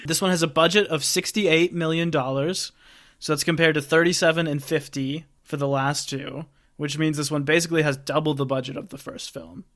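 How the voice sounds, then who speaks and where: Guy hosting a podcast, rattling off movie numbers, kinda high bright voice. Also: fairly even intonation, fairly quick. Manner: reads out film facts and figures. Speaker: podcast host. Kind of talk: casual podcast chat.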